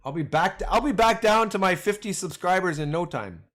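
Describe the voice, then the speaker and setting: A man's voice: sits high, expressive, normal speed, a bit bright. A man hosting a casual livestream, rambling and joking, often calling his viewers "man" and "boys". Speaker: livestream host.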